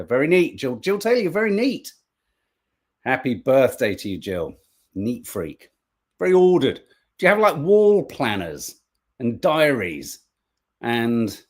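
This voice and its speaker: A male podcast co-host in casual chat, reading out viewer comments with jokes and free swearing. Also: medium pitch. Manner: jokey, animated, swears freely.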